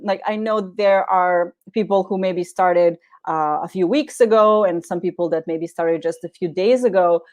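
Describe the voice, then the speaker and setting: A woman hosting a live software tutorial webinar, talking viewers through each click in a friendly way with many fillers. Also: fairly low pitch. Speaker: webinar presenter.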